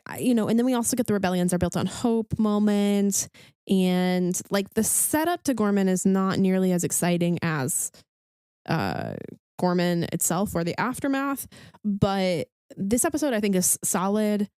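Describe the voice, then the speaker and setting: A woman's voice: medium pitch, a little mellow, clean tone, no room sound, clean studio sound. A woman co-hosting a podcast in casual chat, bubbly and enthusiastic, with lots of "um" and "like". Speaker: podcast co-host.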